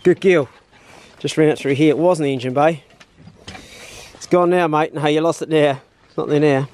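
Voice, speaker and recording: A man's voice: on the high side, steady tone, fairly quick, a little mellow. A man, chatting casually and slangily in his hunting vlog, first out on a farm and then indoors. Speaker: hunting vlogger.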